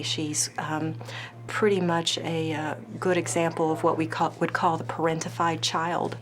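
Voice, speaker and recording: Measured woman counselor, low and flat. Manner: measured, clinical, with many fillers. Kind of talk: interview.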